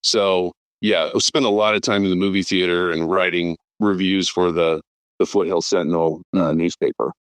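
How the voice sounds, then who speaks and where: A man's voice: sits low, fairly even intonation, normal speed, no room sound. A man in his fifties chatting on a film podcast, eagerly rattling off names and credits with plenty of fillers. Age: 50s. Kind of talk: casual film podcast chat.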